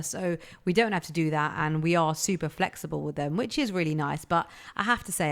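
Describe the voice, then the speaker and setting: A woman in her thirties co-hosting a family podcast, talking in a reflective, matter-of-fact way. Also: deep voice. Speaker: podcast co-host. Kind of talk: casual chat.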